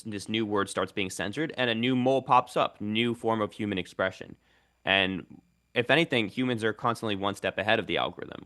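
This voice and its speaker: Low-voiced man explaining language trends. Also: bright, forceful tone. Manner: fluent, thoughtful explaining with quick restarts. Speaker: guest linguist and content creator. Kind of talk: radio interview.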